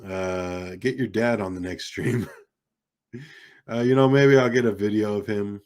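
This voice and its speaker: On a live stream, a young baritone from South Carolina with a Southern American accent talks in a steady tone and a little slowly. He reads viewer comments aloud, rambles casually, and chuckles frequently.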